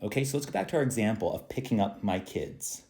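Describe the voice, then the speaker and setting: A man, an English speaker, teaching a slow, patient grammar review full of repeated example sentences. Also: fairly low pitch, lively intonation, mellow.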